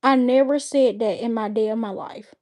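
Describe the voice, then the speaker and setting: A woman's voice: on the high side, moderate pace, darkish tone. A woman hosting a livestream, telling a story in casual chat, blunt and exasperated, with frequent cursing. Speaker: livestream host.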